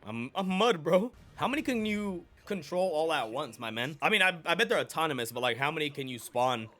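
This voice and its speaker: A man reacting to an anime episode with hyped, slangy commentary that often breaks into shouts. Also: a little high, big pitch swings, fairly quick.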